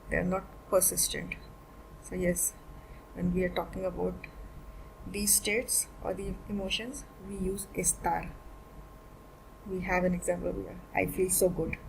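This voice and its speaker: A woman's voice: mid-range voice, gravelly, slight background noise, poor audio. A woman teaching a beginner Spanish lesson, explaining each point step by step and repeating every word form twice.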